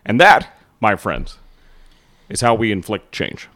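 A man putting on a smooth male statesman who gives a slow, measured address with long pauses. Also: lowish voice, huge pitch swings, a bit bright, exaggerated voice. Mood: solemn.

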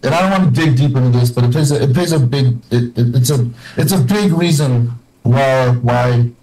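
Young male podcast host, mellow tone, rambles and restarts mid-thought. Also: mid-range voice, normal speed, low-quality recording. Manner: rambling, many restarts and fillers. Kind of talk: casual podcast chat.

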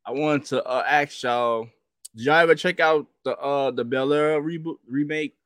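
A man's voice: a little high, steady tone, normal speed, fairly bright tone, dry recording, studio quality. A man co-hosting a podcast in casual chat, laid-back and laughing easily, with some hesitant fillers. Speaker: podcast co-host.

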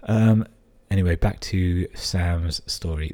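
A young man from England reads listener stories on his podcast in a casual, profane way. His voice sits very low and sounds dark and a bit husky. He keeps stopping to mock the emails with dry, sarcastic remarks. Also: steady tone, normal speed. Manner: sweary, sarcastic running commentary. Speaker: podcast host.

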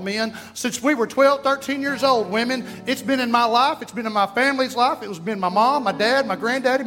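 A man's voice: very high-pitched, in a large hall. A man, preaching a sermon in a church and calling the congregation to respond. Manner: animated preaching with call-and-response. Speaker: pastor. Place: church sanctuary.

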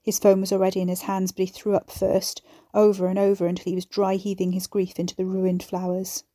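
A woman narrating a horror audiobook in a measured, even storytelling voice. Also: mid-range voice, no room sound, clean studio sound.

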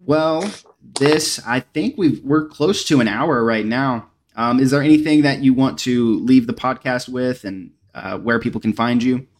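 A man hosting a casual podcast chat, talking in a warm, openly affectionate and encouraging way. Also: medium pitch, measured pace, few pauses. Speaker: podcast host.

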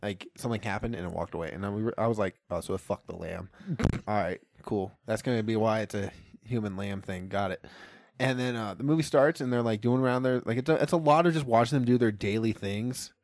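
A young man in casual chat, retelling a film plot in an animated, profane way. He laughs often and acts out the characters' lines. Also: lowish voice, quick pace, dry recording. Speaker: podcast co-host.

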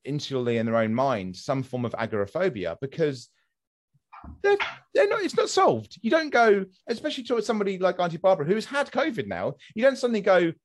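A man hosting a podcast, talking in a rambling, animated way with frequent fillers. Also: high-pitched, fast. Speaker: podcast host. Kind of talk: casual podcast chat.

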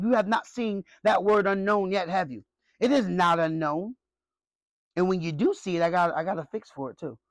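A male pastor delivers an emphatic sermon, often firing questions at the congregation. He swings sharply between loud, high bursts and quiet, low asides, and the recording has no room sound.

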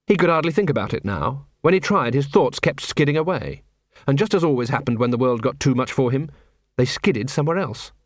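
A man narrating an audiobook in a wry, expressive storytelling manner. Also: medium pitch, no room sound, clean studio sound. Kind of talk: scripted narration.

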